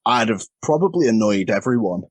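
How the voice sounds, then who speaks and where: A man's voice: on the low side, expressive, fairly quick, no echo. A man talking casually as a podcast guest, candid and self-deprecating, laughing often, heard over a remote call. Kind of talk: casual chat.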